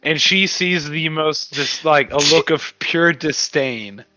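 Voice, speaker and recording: A man with a bright, fairly high voice joins a tabletop game session and dryly describes what his character does. His voice sounds muffled and dull over the call. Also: takes it slowly, dry recording, soft background music. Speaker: player.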